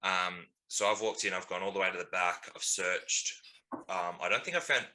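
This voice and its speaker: A man's voice: deep voice, normal speed, bright, forceful tone. A man co-hosting a podcast, telling a story in casual chat with lots of ums and laughs. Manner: rambling, laughing, full of ums. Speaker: podcast co-host.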